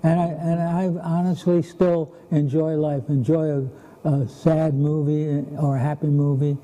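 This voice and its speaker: A man in his eighties co-hosting a talk show, talking in an earnest, folksy way and pausing as he searches for words. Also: a little high, flat delivery, dark tone, rough recording. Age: 80s. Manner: earnest and folksy, with pauses and hesitations. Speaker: TV show co-host.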